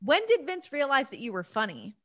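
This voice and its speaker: A woman's voice: high-pitched, wildly swooping pitch, a little fast. A woman hosting an interview, asking questions and backing the guest with short replies. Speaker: host.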